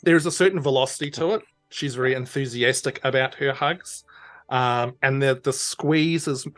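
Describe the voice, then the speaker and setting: Animated woman running a tabletop game. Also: rumbling low, normal speed, faint music behind. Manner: animated, voices characters with many fillers. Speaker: game master.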